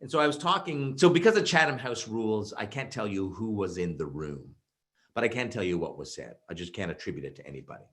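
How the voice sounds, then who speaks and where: A man's voice: on the low side, quick pace. A man giving a virtual keynote presentation, telling stories emphatically with lots of fillers. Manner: energetic, emphatic storyteller with many fillers. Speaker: keynote speaker.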